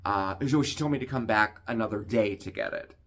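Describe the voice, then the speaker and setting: A man co-hosting a vlog, telling a story in an indignant, animated rant and acting out other people's lines. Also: on the low side, brisk, a little hiss or hum. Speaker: vlog co-host.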